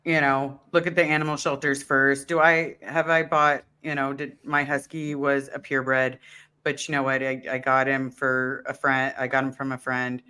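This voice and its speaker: A woman's voice: extremely low pitch, level tone, normal speed, pushed and bright, smooth. Impassioned woman host ranting. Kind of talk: live-stream chat.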